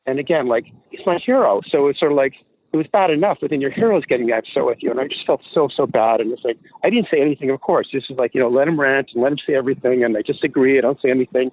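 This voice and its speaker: A man telling an animated story as a guest on a podcast, acting out the people in it. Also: mid-range voice, quick pace, dry recording. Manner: animated storyteller, acts out voices. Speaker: guest promoter. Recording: tinny phone line.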